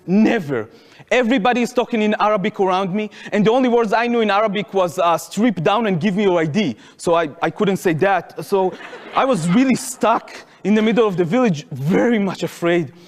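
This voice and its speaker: A man's voice: sits high, fairly quick. A man in his twenties with an Israeli accent, telling a personal story to an audience and acting out the voices in it. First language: Hebrew. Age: 20s. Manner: animated, acts out quotes, shouts at peaks. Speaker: speaker. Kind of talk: public talk, storytelling. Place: lecture hall. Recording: long hall reverb.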